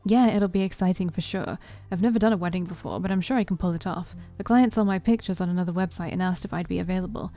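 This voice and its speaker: A woman's voice: fairly low pitch, fast talker, few pauses, warm tone, soft background music, lightly acted. A woman reading the lines of a cheerful, teasing young woman photographer while playing a story game. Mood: upbeat. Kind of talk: reading a visual novel aloud.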